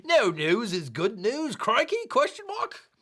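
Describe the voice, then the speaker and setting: A man putting on a hammy mock Australian accent that slips toward lower-class English, playing a cheerful bloke who tacks catchphrases onto everything. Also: huge pitch swings, unhurried, sharp tone, heavily acted. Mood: jokey. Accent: mock Australian, slipping toward lower-class English. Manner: over-the-top, sing-song, tacks on catchphrases.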